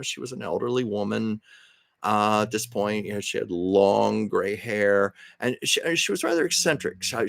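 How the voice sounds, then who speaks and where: A man's voice: lowish voice, gravelly, a bit bright, dry recording, clean studio sound. A man hosting a livestream from home, telling rambling, chatty stories and often correcting himself. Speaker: livestream host. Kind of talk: casual storytelling chat.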